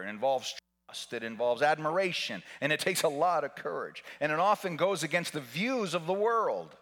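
A man preaching a sermon in a church, his bright, forceful voice rising to shouts and dropping to hushed near-whispers. The pitch swings widely as he drives home his points. A long reverb trails behind every phrase.

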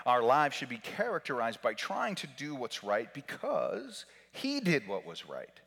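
A man preaching a sermon in a church, moving from shouted repeated lines to hushed near-whispers. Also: on the high side, wildly swooping pitch, unhurried, creaky, big-room sound.

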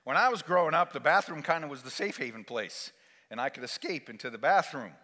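A male stand-up comedian telling an animated story and acting out scenes. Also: on the high side, fairly quick. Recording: long reverb of a large hall.

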